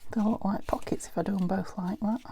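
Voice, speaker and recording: A woman's voice: mid-range voice, fairly even intonation, fast, gravelly, warm tone, slight background noise. A woman from the UK chatting casually as she works at her craft desk at home, thinking aloud and talking to herself, a little out of breath. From United Kingdom. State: breathing heavily. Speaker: crafting video host.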